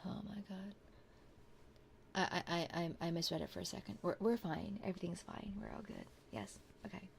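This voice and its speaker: A woman streamer talking softly between lines of a whispered role-play, stammering and giggling as she reads chat. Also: fairly low pitch, normal speed, gravelly, a little hiss or hum.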